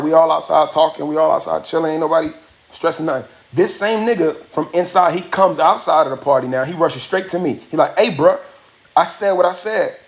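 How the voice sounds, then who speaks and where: A man, hosting a livestream and telling a story casually, slangy and animated, repeating phrases for effect. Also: on the high side. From Miami, USA. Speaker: livestream host.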